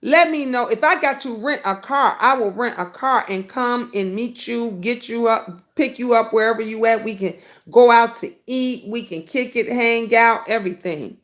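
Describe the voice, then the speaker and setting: Chatty woman hosting a live stream. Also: moderate pace. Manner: chatty, greets viewers by name, swings into high excited bursts. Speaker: livestream host. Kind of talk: casual live chat with viewers.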